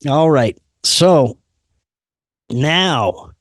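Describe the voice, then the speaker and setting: A man telling a personal story in casual chat, laid-back and saying "man" and "dude" a lot, doing animated voices for the people he quotes. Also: on the high side, drawn-out words, dry recording, studio quality.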